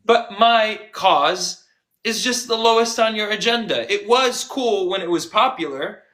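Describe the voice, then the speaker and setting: A male activist with a bright, tense edge talks with biting sarcasm. He slips into other people's voices to quote them, mocking the arguments he keeps hearing. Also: high-pitched, a little slow. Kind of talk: impassioned conversational storytelling.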